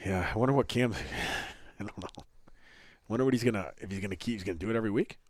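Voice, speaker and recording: A man's voice: fairly low pitch, quick pace, dry recording. A man hosting a podcast in casual chat, rambling and joking, swearing now and then. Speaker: podcast host.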